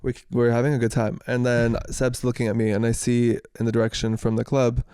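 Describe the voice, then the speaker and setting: A young man co-hosting a podcast, telling a story in casual chat, animated, laughing and swearing freely. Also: medium pitch, fairly quick, smooth, dry recording, clean studio sound. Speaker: podcast co-host.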